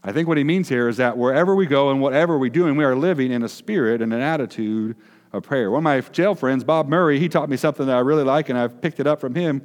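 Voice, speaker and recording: A man's voice: mid-range voice, quick pace, darkish tone. A man preaching a conversational sermon, chatty and quizzing his congregation with self-deprecating asides. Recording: long hall reverb.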